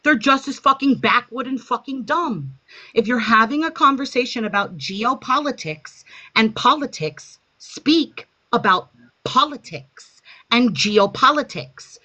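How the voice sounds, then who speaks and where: A woman's voice: on the high side, expressive, a little slow, pushed and bright, lo-fi sound. A woman on a live panel, arguing angrily and swearing as she lectures. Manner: angry, profane, lecturing. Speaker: panel participant. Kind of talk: heated argument.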